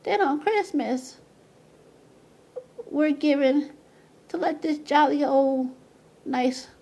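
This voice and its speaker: A woman talking casually to her camera, rambling, repeating words and breaking into loud laughing asides. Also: high-pitched, takes it slowly. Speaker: video presenter. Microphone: camera mic.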